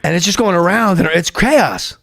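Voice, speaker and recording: A man's voice: normal speed, gravelly, dry recording, clean studio sound. A middle-aged man, a guest comedian, telling a story in casual chat and acting out the voices. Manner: animated, acts out voices with rising pitch.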